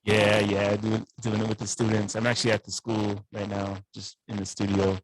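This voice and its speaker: A man's voice: on the low side, monotone, normal speed, a little hiss or hum, rough recording. A male teacher joining a podcast by video call from a school studio, laid-back and chatty. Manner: laid-back, says "man" often. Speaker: guest, teacher. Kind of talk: casual podcast chat over video call.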